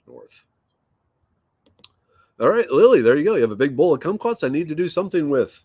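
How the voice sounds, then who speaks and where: A man's voice: a little high, lively intonation, very fast, mellow, no echo, studio quality. A man hosting a casual livestream, reading viewer comments aloud and rambling easily from home. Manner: rambling, easygoing, thinks aloud with fillers. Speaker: livestream host.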